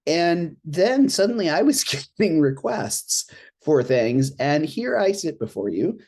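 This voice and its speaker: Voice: mid-range voice, a little slow. An interfaith minister speaks on a panel from home over a video call. The delivery is casual and chatty, with frequent laughs and little acted-out asides. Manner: chatty and expressive, laughs often, acts out reactions in quoted asides. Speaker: interfaith minister and board treasurer on an alumni panel. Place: at home in an apartment.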